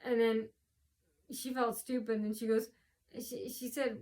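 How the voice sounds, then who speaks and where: A woman's voice: on the high side, flat delivery, measured pace, darkish tone. A worn-out woman recounts a personal run-in in a loose, rambling vlog. She circles back on herself with fillers, restarts and repeated phrases, and sounds short on sleep. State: tired from lack of sleep. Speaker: vlogger.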